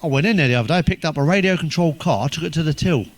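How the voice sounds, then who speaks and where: English male comic, foul-mouthed deadpan joke-teller, dry close sound. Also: on the high side, very fast, no echo. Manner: swears constantly, deadpan one-liners, chuckles at own jokes. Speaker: stand-up comedian. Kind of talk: crude stand-up joke telling.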